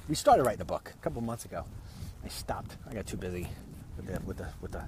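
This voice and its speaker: A man's voice: low voice, expressive, fast, noisy background. A man hosting a casual walk-and-talk vlog, rambling, often restarting and repeating his words as he goes. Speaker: vlog host. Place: walking outdoors.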